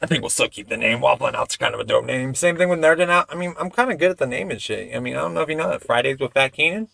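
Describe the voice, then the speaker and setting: A man's voice: medium pitch, animated, racing, vocal fry, bright, forceful tone, dry recording. A man chatting casually on a live stream, rambling and swearing freely, with a toddler at home. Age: adult father of a toddler. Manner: rambling, profane, loose.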